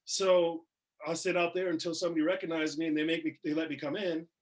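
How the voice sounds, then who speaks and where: A man telling casual, animated stories in an interview, swearing and laughing as he goes. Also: a little high, fast talker. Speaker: wrestler guest. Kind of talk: casual storytelling in a shoot interview.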